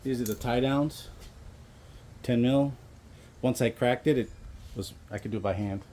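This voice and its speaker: A man's voice: medium pitch, normal speed, dark tone, a little hiss or hum. Rambling man filming his own car repair. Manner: rambling, self-deprecating, explains as he works. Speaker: DIY car repair vlogger. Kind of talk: casual how-to walkthrough.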